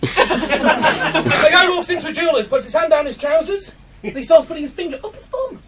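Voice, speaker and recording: Extremely high-pitched and lively in intonation, a man at normal speed hosts a comedy night with stand-up full of bad jokes. Self-mocking and profane, he chuckles at his own material while a loud crowd drowns a far-off mic.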